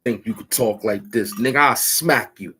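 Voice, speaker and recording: A man's voice: lowish voice, normal speed, pushed and bright, breathy edge. Taunting man ranting to the camera. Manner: taunting, rambling, boastful. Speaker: channel host. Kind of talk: trash-talking rant at the camera.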